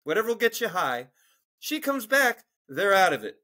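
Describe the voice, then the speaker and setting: A middle-aged man from Philadelphia rants through a profane story in casual podcast chat. His voice sits high and swings widely in pitch as he talks. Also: sing-song, normal speed, bright, forceful tone. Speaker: podcast co-host.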